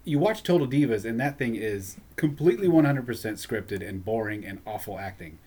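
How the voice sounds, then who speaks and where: A man's voice: lowish voice, fairly quick, slightly rough. Opinionated man in casual chat. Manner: animated, opinionated, laughs often.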